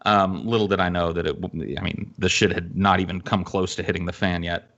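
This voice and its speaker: A man hosting a podcast, telling a story in a casual, animated and profane way with lots of fillers. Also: deep voice, brisk, dull audio. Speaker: podcast host.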